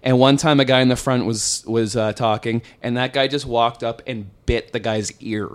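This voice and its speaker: A man, a comedian, telling a story in a relaxed, measured casual chat. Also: medium pitch. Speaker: comedian guest.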